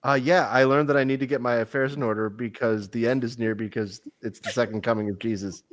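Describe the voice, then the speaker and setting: A man co-hosting a casual comedy podcast, tossing in wisecracks and deadpan asides. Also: medium pitch, quick pace, no echo. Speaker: podcast co-host.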